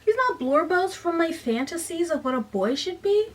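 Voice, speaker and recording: A woman mockingly voicing a whiny, lovesick teenage girl in a shrill singsong voice. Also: very animated, normal speed. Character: whiny lovesick teen girl, mocked and overdramatic.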